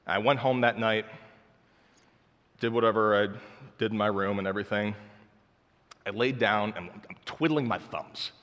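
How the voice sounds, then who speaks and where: A man's voice: lowish voice, normal speed, long pauses, fairly bright tone, in a large hall. A young man sharing a personal faith testimony in casual, heartfelt storytelling full of filler words. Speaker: speaker sharing his testimony.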